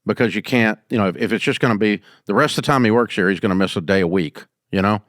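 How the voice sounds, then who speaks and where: Older guy w a low voice, folksy advice host, dry close studio sound. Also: fast, no room sound. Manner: folksy storytelling, drops quieter when quoting people. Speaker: business advice show host. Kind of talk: call-in advice talk.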